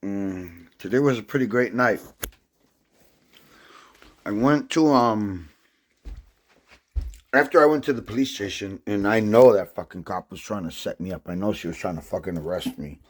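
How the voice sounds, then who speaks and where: A man's voice: lowish voice, moderate pace, pauses often. A man talking straight to camera in a casual vlog, telling a rambling story in an agitated way and swearing constantly. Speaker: vlogger.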